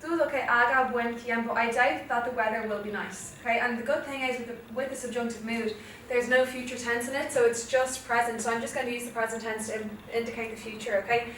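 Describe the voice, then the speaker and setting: A woman's voice: on the high side, steady tone, fast talker, few pauses, a bit bright. A young Irish woman teaching a Spanish revision lesson, explaining step by step and often checking "okay?". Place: classroom. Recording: echoey classroom from far off, faint noise.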